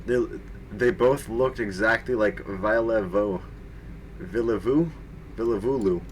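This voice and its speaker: A man's voice: fairly low pitch, measured pace, a little hiss or hum. A young man doing a comedic reading of a story, breaking off to mock the writing. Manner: mocking, breaks to laugh and comment. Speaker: reader and commentator. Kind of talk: comedic dramatic reading with commentary.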